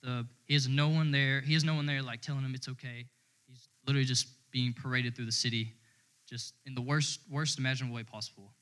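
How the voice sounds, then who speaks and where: A man's voice: medium pitch, steady tone, fast talker, fairly bright tone, smooth, poor audio. Informal rambling male church speaker. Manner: informal and rambling, many fillers and restarts. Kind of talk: casual conversational sermon.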